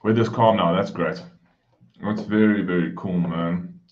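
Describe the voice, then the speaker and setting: Man, very deep voice, casual live-stream host, friendly and hushed, dull lo-fi audio. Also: a little slow. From South Africa. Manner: friendly, greets viewers by name, keeps voice down. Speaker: livestream host. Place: home room.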